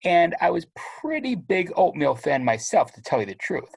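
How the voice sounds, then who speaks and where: A man's voice: fairly high pitch, big pitch swings, normal speed, creaky, a little mellow, slightly rough, no echo. A man narrating a first-person story aloud in a wry, sardonic way. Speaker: audiobook narrator.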